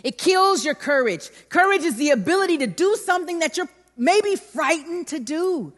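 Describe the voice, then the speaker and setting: Lively, high-voiced woman preaching. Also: normal speed. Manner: animated, emphatic storytelling. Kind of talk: sermon with personal storytelling. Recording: long hall reverb.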